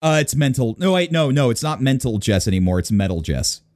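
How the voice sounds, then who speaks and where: A man's voice: medium pitch, expressive, fairly quick, a little mellow, no room sound, clean studio sound. A man hosting a podcast in casual banter, teasing and crude, laughing often. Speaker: podcast host.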